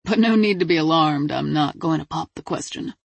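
A woman's voice: sits low, fairly quick, vocal fry, slightly rough, dry recording, exaggerated voice. A woman voicing a flirtatious, teasing adult man in an audiobook, easygoing and playful. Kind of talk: audiobook character voice.

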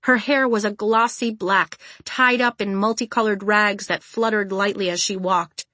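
A woman reads an audiobook in an even, measured storytelling manner. Her voice sits at a middling pitch. The recording is dry and close, with no room sound. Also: no room sound. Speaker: audiobook narrator. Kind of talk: scripted narration.

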